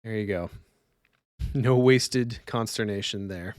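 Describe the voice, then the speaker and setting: A man's voice: lowish voice, slow, darkish tone, no room sound, studio quality. A man streaming a solo card game, reading rules under his breath and chatting with viewers. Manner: mutters rules half to himself, chats with viewers. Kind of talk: casual live-stream commentary.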